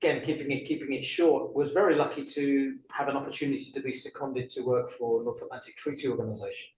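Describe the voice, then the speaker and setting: A man in his sixties with a London accent, a guest telling his life story in a relaxed, dryly humorous way. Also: mid-range voice, fast talker, a little hiss or hum. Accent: London English. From England. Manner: dry self-mocking humour, chatty. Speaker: guest career coach. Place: indoor room, on a couch. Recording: roomy echo, faint ambience.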